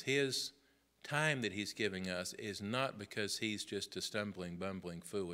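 Middle-aged guy preaching sunday school, lowish voice but bright and forceful, chatty asides. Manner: folksy asides and mock dialogue with listeners. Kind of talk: preaching a Bible lesson.

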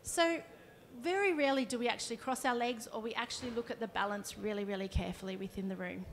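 A woman's voice: a little high, fast talker. Woman giving a workshop talk. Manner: conversational, demonstrates as she explains. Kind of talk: live presentation to an audience.

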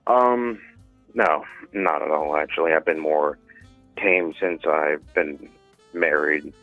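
Caller: low-pitched man, halting and rambling, dry phone-line sound. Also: no echo, faint music behind. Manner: hesitant, rambling with many fillers. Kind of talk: phone-in storytelling.

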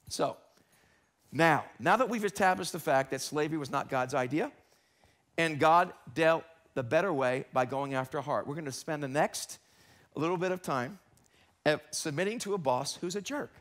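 A middle-aged male pastor preaching a sermon in a church, animated and acting out quoted coworkers in short voices. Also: high voice.

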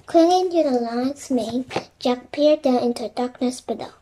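High-voiced woman narrating a kids' chapter book aloud, gentle and quiet. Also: normal speed, slight background noise, rough recording. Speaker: storybook reader.

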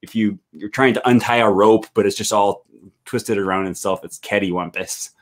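A man hosting a casual chat, relaxed and curious, with many fillers. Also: lowish voice, moderate pace. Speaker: host. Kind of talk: casual video call chat.

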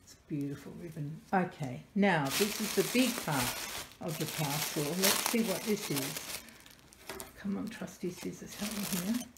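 A woman unboxing a parcel on camera as a doll collector vlogger, gushing and softly delighted, often dropping to breathy whispers. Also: on the low side, a little slow. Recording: echoey room with faint noise.

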